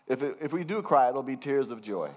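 An older man preaching a conversational sermon, reading scripture slowly between folksy, chuckling asides. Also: mid-range voice, lively intonation, a little mellow. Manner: folksy, chuckling asides, slows down to read verses.

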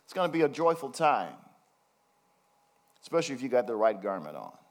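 An older man preaching a conversational sermon, reading scripture slowly between folksy, chuckling asides. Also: medium pitch, big pitch swings. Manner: folksy, chuckling asides, slows down to read verses.

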